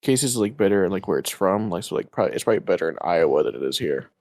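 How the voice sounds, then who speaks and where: A low, sing-song voice with a darkish tone comes from a man who co-hosts and edits a casual podcast. Talking rapid-fire over a home mic on a voice call, he swears freely, rambles, and keeps breaking off to restart, all in a dry recording.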